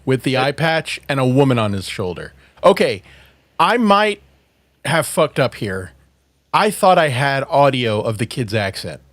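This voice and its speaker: A man hosting a casual podcast, talking slowly but with a lively, swooping voice. He laughs a lot and swears freely. The sound is dry and close. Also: medium pitch, no room sound. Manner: animated, laughing, swearing, apologetic asides. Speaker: podcast host.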